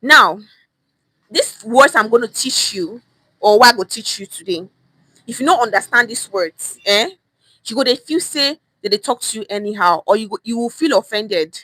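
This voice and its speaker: A Nigerian woman teaches pidgin phrases on a casual livestream. Her voice is bright and forceful, pitched a little high, and she drives points home by repeating them. The sound is dry, close to a phone or webcam mic. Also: lively intonation, moderate pace, no echo, rough recording. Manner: emphatic, repeats phrases, acts out reactions. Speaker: online language teacher. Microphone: phone or webcam on a live stream.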